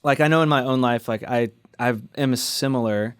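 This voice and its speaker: Smooth-voiced male podcast host. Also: mid-range voice, moderate pace. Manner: supportive, reflective, short affirmations. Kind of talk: casual podcast chat.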